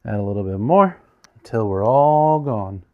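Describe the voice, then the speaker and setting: A man's voice: fairly low pitch, normal speed, narrow, tinny audio. A man hosting a casual cooking demonstration in a home kitchen, chatty and joking, his voice sometimes drifting away from the mic. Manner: chatty and joking, with lively swings in loudness. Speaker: home cook host.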